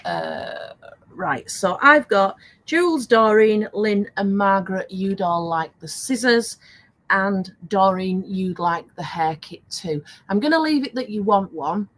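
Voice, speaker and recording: A woman's voice: mid-range voice, sing-song, a little slow, a bit bright, rough recording. An older woman hosting a casual live stream, chatty and laughing often as she reads out viewer comments. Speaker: live stream host selling craft supplies.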